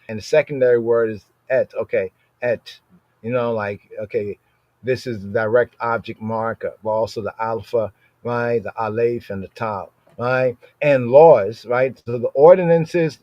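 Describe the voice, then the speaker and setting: A man on a podcast teaching a Bible passage in a casual, conversational way. He checks in with "right?" after almost every phrase and slows down when he reads the verses aloud. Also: mid-range voice, mellow, dry recording, lo-fi sound. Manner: conversational, frequent "right?" tag questions.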